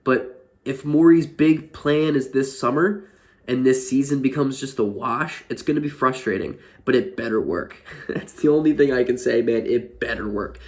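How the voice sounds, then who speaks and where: A young man rants to his camera as a frustrated sports fan, rambling and exasperated, his words tumbling out with many fillers. His voice sits in an ordinary middle pitch. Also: moderate pace, a little mellow. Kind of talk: casual ranting commentary.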